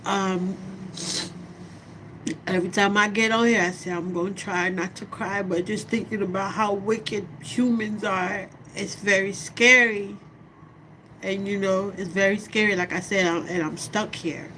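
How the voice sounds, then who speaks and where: Slow-talking woman venting in a vlog. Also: medium pitch, steady tone, pushed and bright, slight background noise, poor audio. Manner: slow, heartfelt, conversational, often asks "you know what I mean". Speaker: vlogger. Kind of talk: personal vlog monologue.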